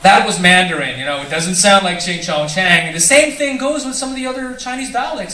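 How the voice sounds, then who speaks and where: A man's voice: high-pitched, expressive, brisk, a little hiss or hum. Filipino man doing stand-up in an echoey theatre. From Philippines. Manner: jokey, switches into mock accents and languages. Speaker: stand-up comedian. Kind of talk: stand-up comedy with accent impressions. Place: theatre stage before a live audience. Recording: distant echoey theatre recording with loud crowd.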